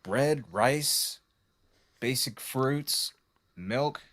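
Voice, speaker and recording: A man's voice: medium pitch, extremely slow, a bit bright. A man co-hosting a casual political livestream, talking in a profane, exasperated way. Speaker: co-host.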